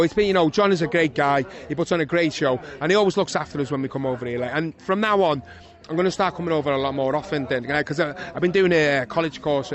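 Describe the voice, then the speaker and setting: A middle-aged man with a Liverpool accent, a retired boxer telling a lively anecdote in a casual interview, chuckling as he goes. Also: fairly high pitch. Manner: lively storyteller, chuckling, swears oaths. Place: outdoors at an evening boxing event.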